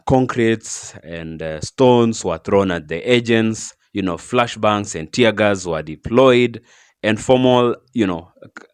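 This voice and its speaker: A man hosting a commentary show, reading his points in a halting way with many fillers and restarts. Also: deep voice, clean tone, no room sound, clean studio sound. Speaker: commentary host. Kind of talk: scripted commentary.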